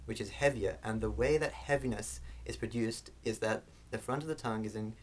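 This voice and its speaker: A man talks through pronunciation like a teacher, pausing on fillers and restarting phrases. His voice sits somewhat low. He demonstrates sounds and explains them patiently. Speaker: language teacher. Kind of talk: spoken language lesson.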